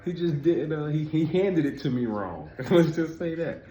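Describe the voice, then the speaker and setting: Here the spiritual vlogger, a man in his thirties, sounds on the high side and expressive, moving at a moderate pace with a dark tone. His casual spiritual talk is conversational, punctuated by "you feel me" check-ins. It's a rough recording with a little hiss or hum.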